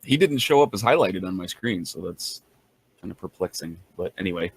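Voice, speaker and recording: A man's voice: low voice, lively intonation, a little fast, slightly rough. A man playing a tabletop game, easygoing, asking about the rules and his turn. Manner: easygoing, asks rules questions. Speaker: player. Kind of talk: casual tabletop game chat.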